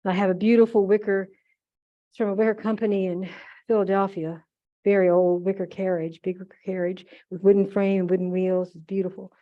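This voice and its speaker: A woman's voice: medium pitch, level tone, brisk, narrow, tinny audio. An older woman telling fond, rambling stories to an audience, full of asides and self-corrections. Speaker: guest speaker at a museum holiday event. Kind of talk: chatty anecdotal talk to an audience.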